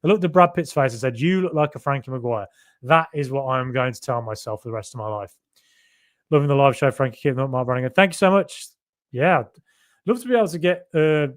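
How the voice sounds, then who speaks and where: A man with a Birmingham accent hosting a casual live-stream podcast, chatting loosely and reading out viewer comments. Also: fairly high pitch. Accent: Birmingham (Brummie). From Birmingham, England. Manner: chatty and rambling, with many fillers and asides. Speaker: podcast host.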